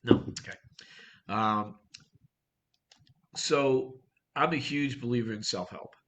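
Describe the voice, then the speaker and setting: A man's voice: medium pitch, slow, a bit bright. A man coaching real estate agents in a workshop talk, blunt and direct, firing off rhetorical questions.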